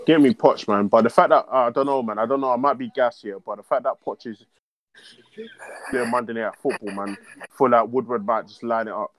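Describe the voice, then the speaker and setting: A man's voice: medium pitch, no echo. Frustrated young man ranting. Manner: frustrated, slangy, swears often. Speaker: football fan podcast host. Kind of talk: casual chat, reacting to a football match.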